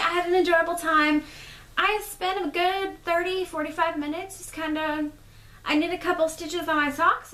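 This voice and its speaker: A woman's voice: sits high, expressive, moderate pace, sharp tone, reverberant. A young woman hosting her podcast in a casual chat, a little stuffy from allergies, rambling with fillers. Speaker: podcast host.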